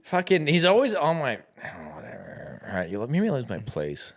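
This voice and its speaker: A young man talks college football on a podcast, loose and profane. His voice is lively, swinging up and down in pitch, and he laughs often. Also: normal speed. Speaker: podcast co-host. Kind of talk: casual sports chat.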